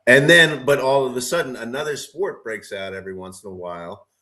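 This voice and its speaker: A man's voice: medium pitch, fairly quick, bright, forceful tone. A man co-hosting a podcast, talking in an easygoing way and laughing along in casual chat. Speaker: podcast co-host.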